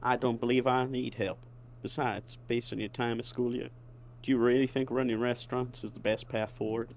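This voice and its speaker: A man's voice: mid-range voice, level tone, moderate pace, natural voice. A man putting on a Southern accent to voice a folksy, ambitious elderly chicken tycoon in a dating game, in courtly, old-fashioned phrasing. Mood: evasive. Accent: put-on American Southern. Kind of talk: voice acting a dating game character.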